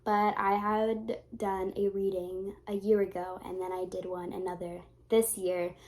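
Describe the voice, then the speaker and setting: A woman's voice: medium pitch, little pitch movement, measured pace, a little mellow, slight background noise. A young woman talks casually to her vlog audience. She rambles from one thought to the next and swears freely. Her voice carries emotion, as if tears are never far away. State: tearful at times. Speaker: vlogger.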